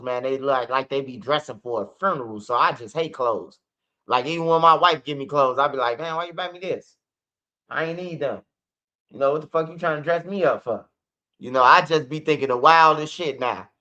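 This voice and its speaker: A man's voice: mid-range voice, a little fast, sharp tone. A man telling a story casually, full of profanity and acted-out quotes, as a channel host. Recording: dull lo-fi recording.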